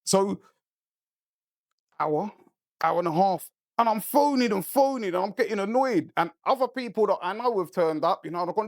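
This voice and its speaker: A man's voice: high voice, normal speed, no echo, clean studio sound. A man telling a long story as a podcast guest, swearing freely and checking in with his listener. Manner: animated, profane, keeps asking "right?". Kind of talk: casual storytelling.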